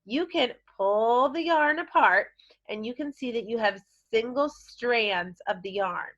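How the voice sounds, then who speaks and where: A woman's voice: fairly high pitch, measured pace, a bit bright, lo-fi sound. A woman teaching a recorded vocabulary lesson to children, encouraging them and modeling words in playful voices. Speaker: elementary school teacher.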